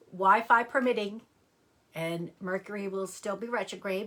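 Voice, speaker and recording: A woman's voice: medium pitch, fairly bright tone. Chatty older woman hosting a live stream. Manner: chatty, greets viewers by name, rambling restarts. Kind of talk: casual live-stream chat. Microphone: computer or phone live-stream mic.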